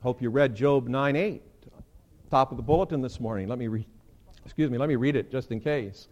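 A man preaching a sermon as pastor, animated, acting out quoted lines with sudden leaps in pitch. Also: fairly quick.

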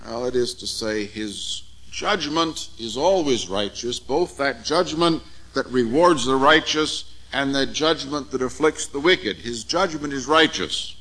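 A man preaching an expository sermon, measured and emphatic, with deliberate pauses on key words. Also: medium pitch, expressive, pushed and bright, low-quality recording.

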